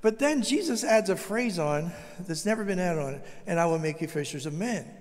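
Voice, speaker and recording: An older man preaching a testimony sermon as a guest speaker, telling his story with animated, acted-out dialogue. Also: sits high, normal speed. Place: church sanctuary. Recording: long hall reverb.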